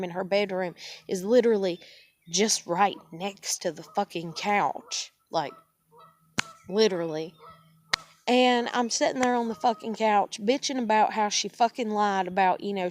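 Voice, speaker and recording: A woman's voice: mid-range voice, slight background noise. A woman venting at length in a casual video monologue, angry and swearing freely. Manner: angry, profane ranting. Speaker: vlogger. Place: living room at home.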